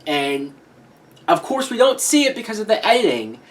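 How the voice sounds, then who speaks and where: A woman's voice: mid-range voice, very animated, moderate pace. A woman giving a casual horror movie review, blunt and swearing freely, often laughing as she talks.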